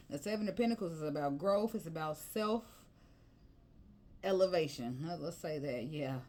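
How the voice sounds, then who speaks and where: A woman's voice: low-pitched, animated, a little slow, long pauses, mellow. A woman giving a casual tarot reading, chatty and slangy, breaking into bits of song and laughter. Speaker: tarot reader.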